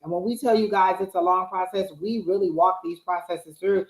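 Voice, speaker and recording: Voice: mid-range voice, steady tone, a little fast. A live-stream co-host chatting casually, speaking emphatically and straight to the viewers. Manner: emphatic, addresses the viewers directly. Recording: roomy echo.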